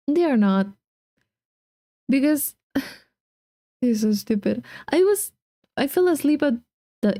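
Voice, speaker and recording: A woman's voice: on the high side, warm tone, no echo, clean studio sound. A young woman streaming a game, chatting in a giggly, rambling way. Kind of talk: casual let's-play commentary. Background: faint game music.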